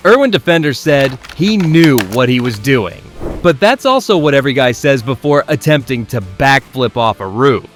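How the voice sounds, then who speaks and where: A man's voice: mid-range voice, a bit bright. A man reading a scripted, sarcastic commentary narration with a wry, punchy delivery. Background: faint background music.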